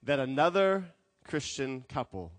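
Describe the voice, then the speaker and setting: A man preaching a sermon as a pastor, telling stories with lively acted quotes. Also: mid-range voice, measured pace, dry recording. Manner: animated storytelling with acted quotes.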